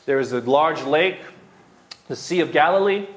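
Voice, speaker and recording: With a fairly high, expressive voice at a moderate pace, a man in his thirties preaches through a passage verse by verse. He emphasizes his points, repeats key phrases, and uses plenty of fillers. The recording carries roomy hall echo and a little hiss or hum.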